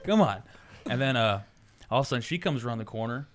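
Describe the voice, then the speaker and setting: A man's voice: mid-range voice, very fast, background noise. A man, a podcast guest, telling a story in casual chat and acting out the voices of the people he quotes. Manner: animated, acts out quoted voices while telling stories.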